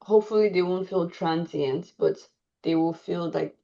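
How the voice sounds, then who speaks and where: A woman's voice: on the low side, normal speed, creaky, mellow. A woman hosting a podcast, asking long, reflective questions in a casual interview. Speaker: podcast host. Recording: dull lo-fi recording.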